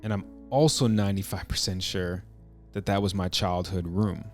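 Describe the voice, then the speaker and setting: Low-voiced man, earnest reflective storyteller. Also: steady tone, soft background music. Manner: reflective, earnest, halting with frequent restarts. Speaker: podcast host. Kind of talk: personal storytelling monologue.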